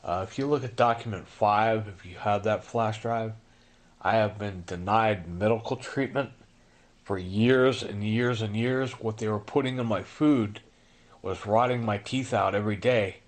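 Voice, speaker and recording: A man's voice: on the low side, unhurried. A middle-aged man telling his own story in an impassioned monologue, urgent and pleading, repeating himself and appealing straight to the listener.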